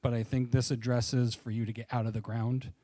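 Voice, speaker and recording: A man, a construction manager, answering a school board's questions. He speaks plainly and reassuringly and is aware of how loud he sounds. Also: medium pitch, level tone, brisk, no room sound. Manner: plain and reassuring, self-conscious about his volume. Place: public meeting room.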